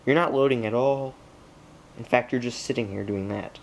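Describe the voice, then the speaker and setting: A man's voice: medium pitch, normal speed, slight background noise. A young man narrating an unboxing at home, rambling and talking to himself and the computer, getting frustrated while it loads. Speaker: tech vlogger. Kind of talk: casual unboxing commentary.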